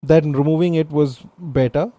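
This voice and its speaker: A man co-hosting a trivia podcast in casual chat, playful and animated as he tells stories. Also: a little high, moderate pace, no room sound. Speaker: podcast co-host.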